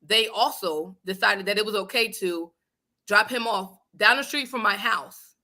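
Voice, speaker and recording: Bright-voiced woman telling a story bluntly. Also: mid-range voice. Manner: animated storytelling, emphatic and blunt. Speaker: host. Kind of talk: casual chat. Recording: live online radio show.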